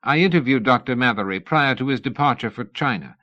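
A man reading a suave, cordial Victorian gentleman journalist with a polite, genteel manner. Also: mid-range voice, animated, a little fast, highs cut off, voice pushed up, lightly acted. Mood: courteous. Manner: polite, genteel, feigning innocence.

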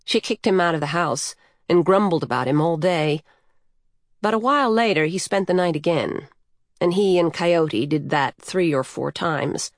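A woman gives an even, measured storytelling read of a novel in scripted audiobook form. Her voice is lowish, and the dry recording has clean studio quality.

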